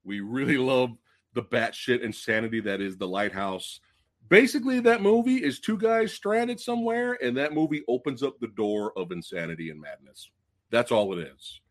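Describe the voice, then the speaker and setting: Excitable man with a lively voice. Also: moderate pace. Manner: excitable, profane, swings from loud outbursts to low mutters. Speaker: podcast host. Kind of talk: casual movie review livestream.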